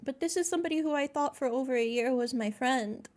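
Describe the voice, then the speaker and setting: Teary high-voiced woman streamer. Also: fast, a little mellow. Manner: gushing, slangy, says dude and bro a lot. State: teary, holding back happy tears. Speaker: VTuber streamer. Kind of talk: casual live-stream chat with viewers.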